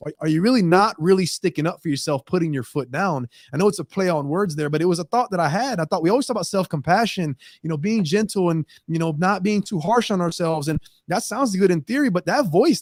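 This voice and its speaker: A man's voice: high-pitched, dry recording, clean studio sound. A man hosting a talk show segment, speaking in an earnest, emphatic, plain-spoken way about how people talk to themselves.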